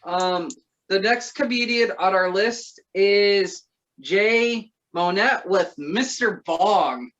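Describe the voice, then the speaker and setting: Slow, easygoing open-mic host, lo-fi sound. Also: mid-range voice, fairly bright tone. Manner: self-deprecating, slow and easygoing. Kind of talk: hosting a comedy open mic. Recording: dull lo-fi sound.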